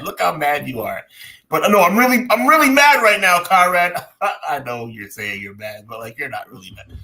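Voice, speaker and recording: A man co-hosting a wrestling podcast, talking in an animated, opinionated way and repeating himself for emphasis. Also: sits high, rough recording. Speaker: podcast co-host. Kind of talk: casual wrestling podcast chat.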